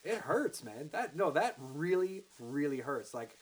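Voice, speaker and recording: A man from Canada co-hosting a casual chat, animated and emphatic, quick to argue a point. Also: on the high side, poor audio. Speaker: podcast co-host.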